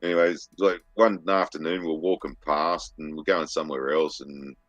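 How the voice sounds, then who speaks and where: Deep-voiced sweary Australian man. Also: normal speed, no room sound, lo-fi sound. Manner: sweary, animated, mimics other people's voices. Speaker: podcast co-host. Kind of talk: casual profane storytelling.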